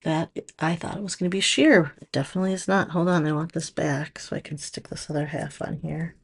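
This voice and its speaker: A woman's voice: sits low, steady tone, fairly quick, creaky, breathy edge. A woman casually demonstrating nail strips, chatty and thinking aloud as she works. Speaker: nail product stylist. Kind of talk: casual product demo.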